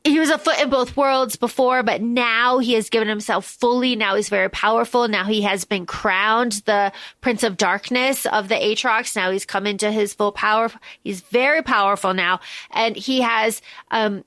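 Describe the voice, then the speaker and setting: A woman co-hosting a podcast, recapping a book plot in a lively, casual way with some swearing. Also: medium pitch, dry recording. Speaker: podcast co-host.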